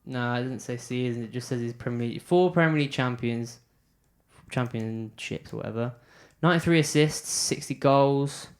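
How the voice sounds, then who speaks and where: A man's voice: mid-range voice, moderate pace. A man, co-hosting a casual football podcast, enthusiastic and calling his friend "mate". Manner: chatty, says "mate" a lot, enthusiastic. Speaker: podcast co-host.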